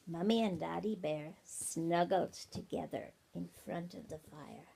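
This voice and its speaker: An older woman, a grandmother, reads her grandchildren a bedtime story at home from a tablet, speaking softly, often whispering, and pausing for questions. Her lowish voice is unhurried and slightly rough, with vocal fry. It was recorded on an iPad mini.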